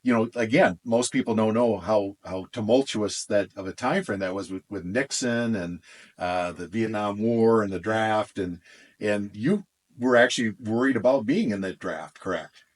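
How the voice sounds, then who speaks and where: A man with a fairly low voice hosts the interview. He asks relaxed, chatty questions and often chips in with short agreeing words while his guest talks. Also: normal speed. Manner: frequent short affirmations, conversational questions. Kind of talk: casual interview.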